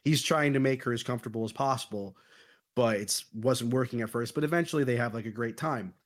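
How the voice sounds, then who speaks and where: A man's voice: medium pitch, brisk. A man podcast host casually retelling a horror movie plot, full of slang and swearing. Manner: animated retelling with crude slang. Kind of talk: casual movie review chat.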